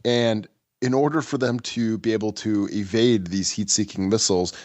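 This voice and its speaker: A man's voice: lowish voice, fairly even intonation, normal speed, darkish tone, no room sound. A man co-hosting a film podcast, recounting scenes in a rambling, hesitant way with frequent amusement. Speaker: podcast co-host. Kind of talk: casual film review chat.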